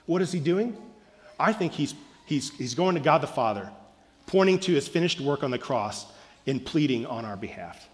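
A man's voice: medium pitch, animated, normal speed. Earnest preacher man in a reverberant hall. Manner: earnest, repeats phrases for emphasis. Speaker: pastor. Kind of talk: sermon. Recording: long reverb of a large hall.

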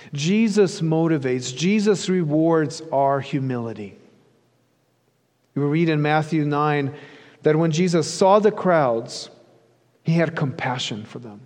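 A man's voice: on the high side, darkish tone, big-room sound. A man preaching a sermon as a pastor, earnest and rhythmic, building through repeated phrases.

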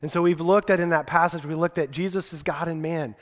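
A male pastor with a notably high voice delivers a conversational sermon, echoing his key lines back for emphasis. His words ring out with a long reverb tail from a church sanctuary. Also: steady tone, brisk.

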